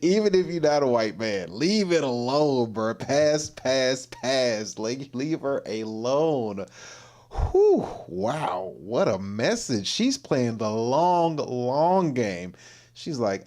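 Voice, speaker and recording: A man's voice: mid-range voice, very animated, slow pace, a little mellow. A man hosting a livestream and reacting to a video in casual, slangy commentary, exclaiming and laughing as he goes. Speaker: livestream host.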